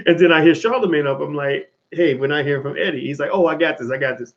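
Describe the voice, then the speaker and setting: A man's voice: fairly high pitch, fast talker. A middle-aged man giving a casual, emphatic monologue as a commentator, often restarting his sentences. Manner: animated, emphatic, frequent restarts. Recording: dull lo-fi sound.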